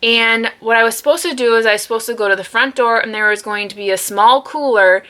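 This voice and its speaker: A woman's voice: fairly high pitch, quick pace, sharp tone. A woman vlogging about her books at home, chatting casually and rambling with lots of fillers. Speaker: book vlogger. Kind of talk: casual chat. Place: room at home.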